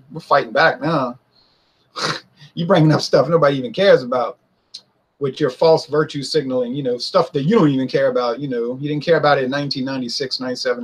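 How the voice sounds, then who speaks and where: A man giving a casual political opinion monologue, animated, often mimicking others in a high mocking voice. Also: quick pace, breathy edge. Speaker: political commentator.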